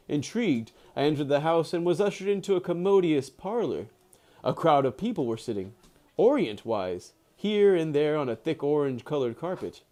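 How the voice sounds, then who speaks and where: At home with his pet dogs nearby, a man livestreams himself reading a book aloud and breaking off into casual chat. His voice is fairly high, and he's animated and quick to laugh, often correcting himself mid-sentence.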